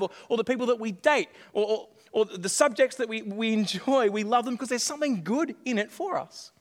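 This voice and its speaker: Aussie pastor guy preaching, kinda high voice, jokey and animated, big echoey hall. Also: brisk, hardly any pauses. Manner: animated, jokey, repeats phrases. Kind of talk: sermon. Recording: long hall reverb.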